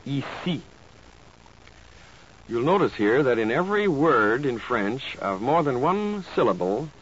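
A man teaching pronunciation in slow, carefully enunciated scripted narration, like an old instructional tape. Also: mid-range voice. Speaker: language teacher. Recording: dull lo-fi tape with faint hiss.

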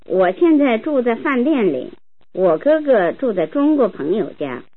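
A woman reading model sentences clearly and carefully for language learners. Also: on the high side, big pitch swings, unhurried. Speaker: language tape speaker. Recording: tinny narrow-band tape recording.

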